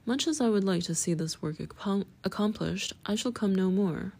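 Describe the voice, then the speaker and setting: Woman doing a cool collected young woman, brisk and firm, husky tone. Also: mid-range voice, a little mellow, close to an everyday voice. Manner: brisk, impatient.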